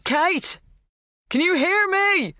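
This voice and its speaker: A frantic young husband, as an audiobook narrator puts him on, shouting at a locked door. His cries leap high and strain, heard in a dry, close studio read. The panic comes through in every call. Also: expressive, fairly quick, no room sound. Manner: urgent, shouting.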